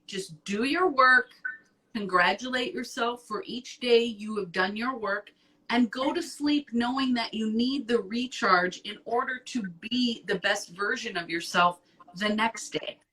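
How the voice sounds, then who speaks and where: A woman hosting an advice show in casual chat, blunt and profane, talking with animated emphasis. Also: fairly high pitch, unhurried, far from the mic, low-quality recording.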